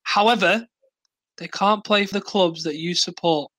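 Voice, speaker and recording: Guy hosting a footy podcast, dry jokey, bright-ish voice, very dry sound. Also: high voice, moderate pace, no room sound, low-quality recording. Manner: dry, self-deprecating, jokey. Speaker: podcast host. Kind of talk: casual football podcast hosting.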